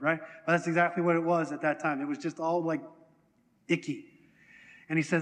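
A man's voice: a little high, level tone, a little fast, pauses often, fairly bright tone, long reverb tail. A man preaching a sermon to a congregation in a conversational way, often asking them questions. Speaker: pastor. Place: church hall.

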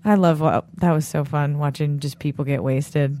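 A relaxed co-host chats on a podcast in an easygoing, mid-pitched voice. The talk is loose and full of laughs as the stories unfold. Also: normal speed. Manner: chatty storyteller, relaxed, laughing easily. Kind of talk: casual chat.

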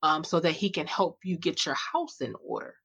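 Woman sharing a lively faith testimony. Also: deep voice, moderate pace, creaky, breathy edge. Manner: animated storytelling, acting out dialogue with God, laughing often. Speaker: guest, clothing line founder. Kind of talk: faith-filled personal testimony.

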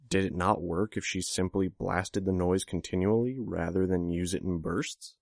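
A man with a low, deep voice reads a first-person story in a steady, measured way. The recording is dry and close, with no room sound around the voice. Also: dry recording. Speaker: audiobook narrator. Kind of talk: first-person fiction narration.

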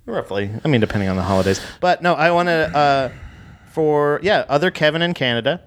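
A man co-hosting a podcast, trading jokes in casual banter. His voice sits a little high and swings widely in pitch. He acts out other people's lines as he talks. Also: expressive, fairly quick, slight background noise. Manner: joking, acts out quoted voices. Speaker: podcast co-host.

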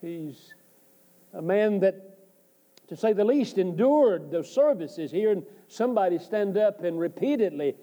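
A man preaching a sermon, speaking slowly and deliberately with pauses. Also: high-pitched, lively intonation, mellow, dull audio.

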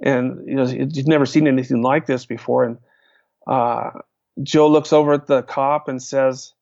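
A male guest with a steady, gravelly, slightly mellow medium-pitched voice tells long casual stories at a moderate pace. He rambles and often restarts, with many fillers, and the dull, lo-fi recording has no echo.

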